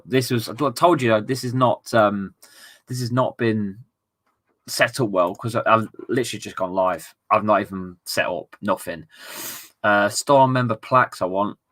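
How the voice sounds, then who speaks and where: Brief: young guy, slightly low voice, relaxed live-stream chatter, quick to laugh. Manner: chatty, reads viewer messages aloud, laughs often. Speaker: football streamer. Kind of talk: casual live-stream chat.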